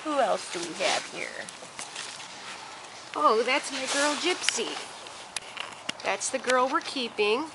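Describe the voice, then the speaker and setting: A woman who breeds dogs, chatting casually about her puppies and cooing to them in soft baby talk. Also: high voice, animated, slow, long pauses. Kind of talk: casual home video narration. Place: puppy play area. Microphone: handheld home video camera held by someone else. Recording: noisy home video.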